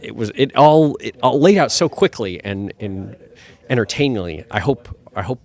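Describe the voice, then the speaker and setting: A man's voice: medium pitch, expressive, moderate pace, a little mellow. A man, a screenwriter, answering red carpet questions with enthusiasm, thinking aloud and restarting his sentences.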